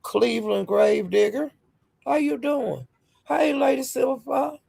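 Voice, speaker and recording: A woman's voice: sits high, unhurried, gravelly, warm tone, breathy edge. A woman hosting a casual livestream, greeting viewers by name and speaking bluntly and defiantly. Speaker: livestream host.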